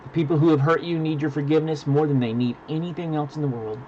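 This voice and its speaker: A man preaching a sermon as pastor, dropping to hushed, deliberate lines and building to loud emphasis. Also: fairly high pitch, steady tone, dull audio, a little hiss or hum. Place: virtual church service.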